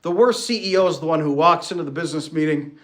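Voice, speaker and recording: A man coaching on marriage, talking in a lively way and breaking into playful mock voices for his examples. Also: on the high side, fast talker. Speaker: relationship coach. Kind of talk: animated solo talk with acted-out examples.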